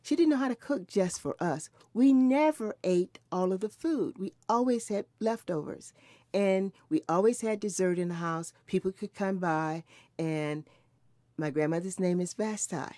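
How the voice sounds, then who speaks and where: A woman in her seventies speaks at medium pitch and a moderate pace, her tone warm, in a clean studio recording without echo. Interviewed for an oral history, she remembers her mother and grandmother earnestly and reflectively, frequently starting her sentences over.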